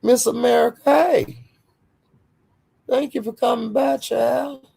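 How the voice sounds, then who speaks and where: A woman's voice: a little high, steady tone, takes it slowly, creaky, mellow, husky. A woman hosting a casual livestream, greeting viewers by name and speaking bluntly and defiantly. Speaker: livestream host.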